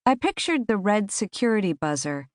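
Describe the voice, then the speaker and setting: A woman reading a thriller audiobook in measured, clear first-person narration. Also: mid-range voice, very animated, dry recording, studio quality.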